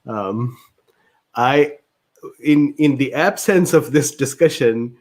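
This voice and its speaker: A man's voice: medium pitch, takes it slowly, a little mellow. A man, a physician educator, answering viewer questions in a livestreamed lecture Q&A, sounding exasperated and indignant as he vents. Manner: reads viewer questions aloud and answers them.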